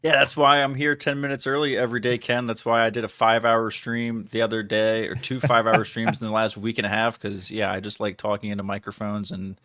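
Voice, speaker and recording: A young man with a raspy voice, fairly low, bantering as the show's producer. He talks fast with a bright, forceful edge and bursts out loudly now and then. The mic is close and dry. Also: level tone, no room sound. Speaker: show producer. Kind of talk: casual talk show banter.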